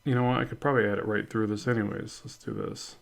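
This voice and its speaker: A man's voice: fairly low pitch, fairly even intonation, racing, vocal fry. A man narrates a drawing lesson in an easygoing, conversational way. He thinks aloud as he works, second-guesses himself and corrects course as he goes. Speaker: art instructor. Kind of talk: casual drawing tutorial narration.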